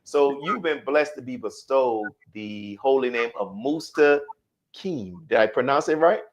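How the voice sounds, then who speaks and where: A man's voice: mid-range voice, animated, moderate pace. A man hosting an interview, asking his guest questions in a polite, formal way. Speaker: interviewer, host. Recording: dull lo-fi sound.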